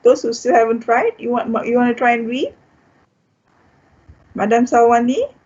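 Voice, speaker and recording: A Malaysian woman teaching a beginners' French class online, patiently repeating each word in slow, clear steps. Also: on the high side, a little mellow. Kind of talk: online language lesson. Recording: dull lo-fi online class audio.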